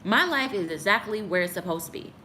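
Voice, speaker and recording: A woman's voice: medium pitch, animated, a little fast, pushed and bright, slight background noise. A young woman vlogger chatting earnestly with her viewers at home, answering comments with a preachy edge. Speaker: YouTube vlogger. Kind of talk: casual chat answering comments. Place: apartment at home.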